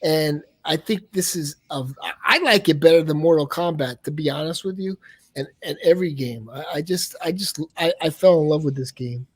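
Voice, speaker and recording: A man who is a guest on a casual panel chat, talking haltingly with many restarts. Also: a little high, slightly rough, no room sound.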